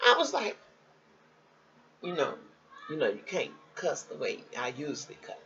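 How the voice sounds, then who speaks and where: Animated woman telling her story. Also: normal speed, creaky, husky, lo-fi sound. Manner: animated, jumps high when quoting others; conversational, addresses viewers as y'all. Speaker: vlogger sharing a personal health story. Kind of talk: casual storytelling to viewers.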